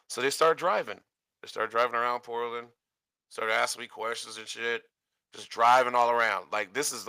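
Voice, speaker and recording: A man telling a long personal story in casual chat, animated and acting out the quotes with laughs. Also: medium pitch, no echo.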